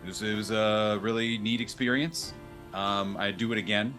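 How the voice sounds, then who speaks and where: A man voicing a simple, halting bard who stumbles through his words with many pauses. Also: fairly low pitch, fairly even intonation, sharp tone, faint music behind. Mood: bashful. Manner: halting, full of ums and uhs. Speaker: player.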